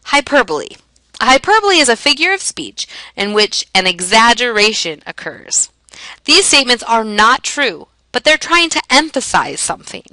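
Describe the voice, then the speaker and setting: A woman teacher explaining a lesson in a clear, emphatic way, asking and answering her own questions. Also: on the high side, sing-song, normal speed, pushed and bright, no echo, poor audio. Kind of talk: classroom lesson narration.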